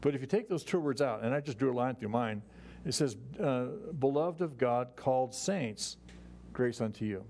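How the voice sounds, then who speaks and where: A man leads a Bible study in a loose, chatty teaching voice, pitched right in the middle for a man. He reads verses and then talks through them with frequent restarts and asides. A faint hum sits under the recording. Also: a little fast, gravelly. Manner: relaxed and chatty, many "you know"s and restarts, chuckles.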